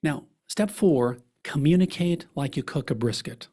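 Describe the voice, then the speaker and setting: A man from Texas giving a coaching webinar in an energetic, persuasive, folksy teaching tone with rhetorical questions. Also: fairly high pitch, measured pace. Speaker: webinar presenter, client conversion coach.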